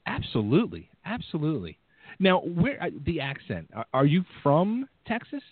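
A man's voice: fairly high pitch, huge pitch swings, normal speed, no echo. A man with a Philadelphia accent hosting a casual radio talk show, upbeat and full of fillers. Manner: upbeat, hesitant with many fillers. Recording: tinny phone line.

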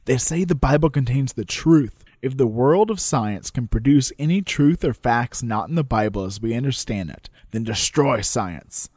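A man reading out an impassioned courtroom speech as a male orator, with measured, dramatic pauses. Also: mid-range voice, expressive, a little mellow, husky, no room sound, clean studio sound.

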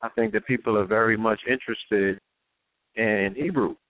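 Low-voiced man on a dry phone line. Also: steady tone, normal speed, dry recording. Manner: long searching questions with frequent "you know what I'm saying". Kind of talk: casual radio discussion.

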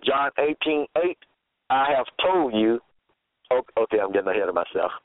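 A man teaching from scripture in a slow, deliberate way, reading out verse after verse and restating each one. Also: mid-range voice, expressive, no echo. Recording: tinny phone-line sound, dry.

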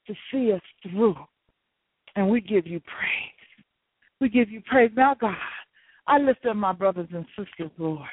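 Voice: medium pitch, husky, no room sound. A prayer leader praying fervently and speaking in tongues, repeating phrases in rhythmic waves that swell and drop. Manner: repetitive, rhythmic, swells and drops in intensity. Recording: tinny phone line, dry.

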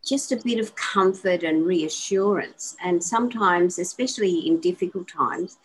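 A woman's voice: on the low side, normal speed, husky, low-quality recording. A woman co-hosting an online radio interview, speaking in an earnest, affirming way. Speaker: co-host. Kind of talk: interview talk.

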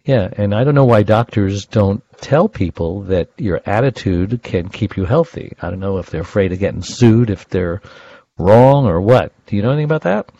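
A man co-hosts a podcast, with a very deep, gravelly voice. He chats casually and keeps affirming his guest. His tone is dark and mellow, recorded dry and slightly dull. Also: animated, normal speed, dry recording. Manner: affirming, chatty interjections. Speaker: podcast co-host. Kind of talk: casual interview chat.

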